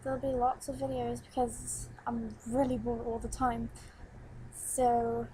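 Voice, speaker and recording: A teenage girl chats into her webcam at home, her voice sitting a little high. She rambles from one thing to the next and breaks into giggles often. A faint hiss runs under the home recording. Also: flat delivery, unhurried, mellow, rough recording. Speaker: new vlogger. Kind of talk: casual webcam chat.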